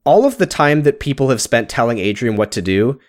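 A man's voice: mid-range voice, big pitch swings, brisk, dry recording, clean studio sound. A man co-hosting a podcast in casual chat, recapping scenes with sarcastic asides. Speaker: podcast co-host.

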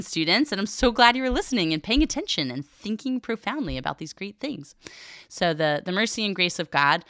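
Female theology teacher and podcast host, earnest and explanatory, voice low with some vocal fry. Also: a bit bright, no room sound, studio quality. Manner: earnest teaching with frequent fillers and restarts. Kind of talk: reading and explaining a catechism.

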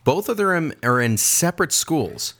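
A man's voice: a little high, big pitch swings, unhurried, a bit bright. A man co-hosting a podcast in casual banter, playful and full of mock-solemn joking. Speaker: podcast co-host.

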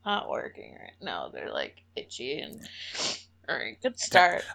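A woman's voice: very deep voice, wildly swooping pitch, a little slow, gravelly, fairly bright tone. A woman co-hosting a podcast in casual chat, swearing freely and laughing a lot, her eyes itchy from allergies. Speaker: podcast co-host.

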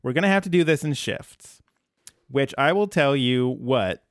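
A man's voice: mid-range voice, animated, measured pace, dry recording. Man, podcast co-host, casual rambling chat, dry recording. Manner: rambling, self-deprecating, many ums.

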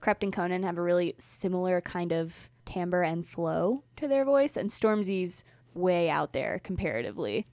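A woman's voice: lowish voice, expressive, moderate pace, few pauses, darkish tone, no room sound, studio quality. A young woman co-hosting a music podcast, chatting casually and enthusiastically with frequent ums and laughs. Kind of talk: casual music review chat.

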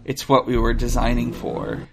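A man voicing a polite male android crewman in a measured, formal way. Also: mid-range voice, level tone, fairly bright tone, slight background noise, pitched below the performer's own voice, natural voice. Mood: calm.

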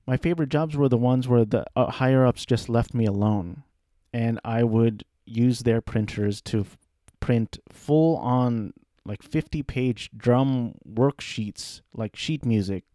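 A man in his thirties talking casually about his life, rambling and self-deprecating, with halting restarts. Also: medium pitch, warm tone, dry recording, studio quality. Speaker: aspiring voice actor. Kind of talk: casual personal monologue.

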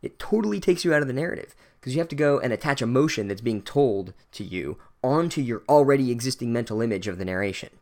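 A man's voice: mid-range voice, expressive, quick pace, few pauses, a little mellow. A man giving a sarcastic, exasperated and profane comedic book recap. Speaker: book reviewer.

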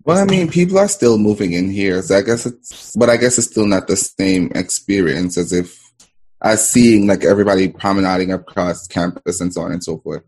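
A man co-hosting a casual podcast, hesitant and self-correcting, with quick quips. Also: low voice, a little mellow, breathy edge. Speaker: co-host.

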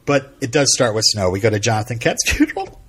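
A man co-hosting a podcast, casually recapping a TV episode in a rambling, halting way full of fillers. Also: mid-range voice, huge pitch swings, a bit bright, slightly rough. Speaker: podcast co-host.

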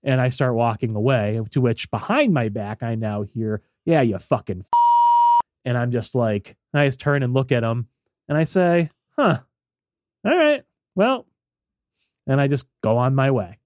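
A man co-hosting a podcast tells a story in casual chat. He acts out the voices in his story. His pitch swings widely, and the sound is dry and close. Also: moderate pace, no echo. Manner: animated, acts out voices in quotes. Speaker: podcast co-host.

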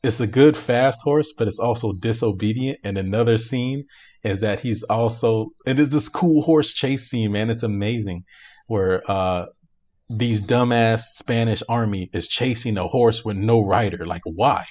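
A man co-hosting a casual movie review chat, retelling scenes in an animated, slangy way. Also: on the low side, unhurried, lo-fi sound. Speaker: podcast co-host reviewing movies.

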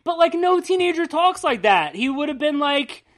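A host in a casual chat, retelling at length in a rambling, profane, animated way. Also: sits high, moderate pace, slight background noise. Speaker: podcast host.

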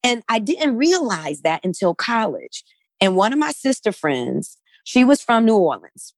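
A woman's voice: on the high side, big pitch swings, a little slow, dry recording. A woman speaking as a guest in a conversational discussion, emphatic and often checking in with "right?".

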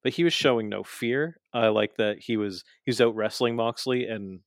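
A man's voice: medium pitch, normal speed, dry recording, clean studio sound. A man casually recapping wrestling matches with a co-host, telling the action with enthusiasm and acting out the wrestlers' lines. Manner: frequent fillers and restarts.

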